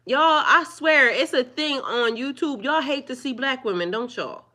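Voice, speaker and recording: A woman talking live to her viewers, firmly scolding trolls in a preachy, drawn-out way. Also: sits high, expressive, bright, forceful tone. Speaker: livestreamer. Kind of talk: live-stream chat with viewers.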